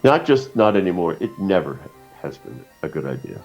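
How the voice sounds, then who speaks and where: A man in a casual podcast conversation, a profane, rambling storyteller who throws in lively quoted voices. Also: low voice, fairly quick, gravelly, faint music behind. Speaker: guest cartoonist. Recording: dull lo-fi podcast audio.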